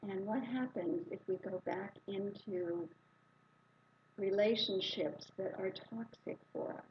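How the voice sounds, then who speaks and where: A woman telling a story during a spiritual service in an animated, conversational way. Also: medium pitch, takes it slowly. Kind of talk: sermon storytelling. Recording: slightly dull recording with faint hiss.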